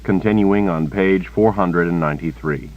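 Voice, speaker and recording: A man narrating an audiobook in a steady, measured reading. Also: deep voice. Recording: dull lo-fi cassette recording.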